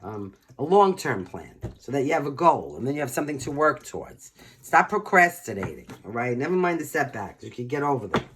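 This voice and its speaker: A man's voice: mid-range voice, sing-song, a little fast, fairly bright tone, a little hiss or hum. A man giving a casual tarot reading, chatty and reassuring, with many fillers. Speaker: tarot reader.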